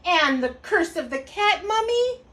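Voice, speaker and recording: A woman's voice: very high voice, very animated, a little slow, fairly bright tone, pitched above the performer's own voice, heavily acted. A woman voicing a fussy, dramatic mother cat who scolds her son in a storybook. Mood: scolding.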